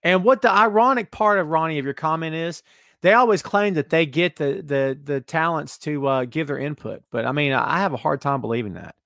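The host of this casual podcast talks fairly quickly in a fairly high voice, reading listener comments and meeting them with sarcastic asides. His energy is animated, shifting between loud outbursts and muttering. The recording is dry and studio quality.

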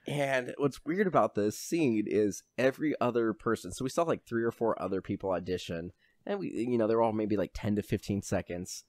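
A man's voice: fairly low pitch, a little fast, darkish tone, no echo. A man co-hosting a podcast, chatting casually and retelling film scenes, often acting out quoted lines. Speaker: podcast co-host. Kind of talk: casual movie recap chat.

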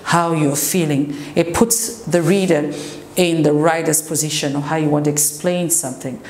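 Woman, deep voice, classroom grammar lesson, patient explaining, slips into French. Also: fairly even intonation, a little mellow. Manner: explains slowly, switches into French. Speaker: English teacher. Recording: echoey room with faint noise.

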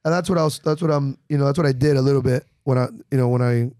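A man's voice: mid-range voice, fast talker, no room sound. A man in his twenties, a comedian guest, chatting on a studio podcast and acting out other voices as he tells stories. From Miami, Florida. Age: 20s. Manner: animated storyteller, acts out voices. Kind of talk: casual podcast chat. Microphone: studio microphone.

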